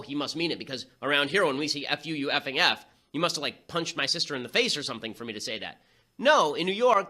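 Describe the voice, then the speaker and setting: Rapid, sharp-voiced male political host. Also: fairly high pitch. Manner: rapid-fire, sarcastic, quick asides. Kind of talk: political commentary monologue.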